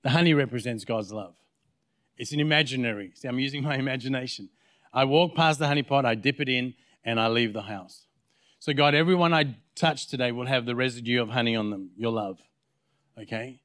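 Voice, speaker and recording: A man's voice: mid-range voice, brisk, a bit bright, dry recording, studio quality. A man with an Australian accent, a guest pastor preaching a sermon in church, telling a story and acting out both sides of the conversations.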